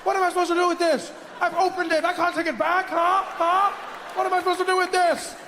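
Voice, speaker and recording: A man putting on the voice of a whiny young boyfriend who pleads and complains about being turned down, his pitch pushed far up. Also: flat delivery, fast talker, some chatter behind, exaggerated voice. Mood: exasperated. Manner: whining, pleading, rising into shouts. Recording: live hall reverb with light noise.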